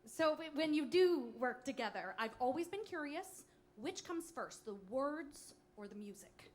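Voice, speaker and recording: A man's voice: animated, unhurried. A man voicing a prim, inquisitive TV interviewer during a live cabaret number. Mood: probing. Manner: high, lilting, polite questioning. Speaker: interviewer in a sketch.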